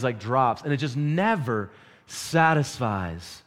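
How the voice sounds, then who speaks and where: A man preaching a sermon, shifting from loud urgent peaks to quiet intense lows, with casual slang. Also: lively intonation, takes it slowly.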